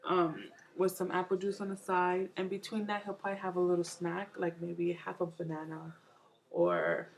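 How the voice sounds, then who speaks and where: A woman's voice: on the low side, lively intonation, normal speed, creaky, low-quality recording. A young woman from New York, a mom vlogger, rambling casually to the camera with lots of fillers and restarts.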